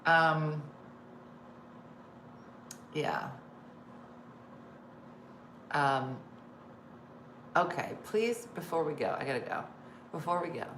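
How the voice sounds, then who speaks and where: Middle-aged woman hosting a live chat, chatty and giggly, slightly low pitch, roomy echo. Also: extremely slow, long pauses, a bit bright, slight background noise. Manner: chatty, laughing, reads viewer comments aloud. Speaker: host. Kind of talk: casual live-stream chat.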